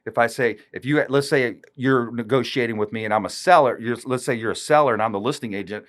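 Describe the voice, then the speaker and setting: Fast and a bit bright, a mid-range male voice belongs to a real estate agent chatting casually on a podcast. He walks through negotiation with examples, posing rhetorical questions.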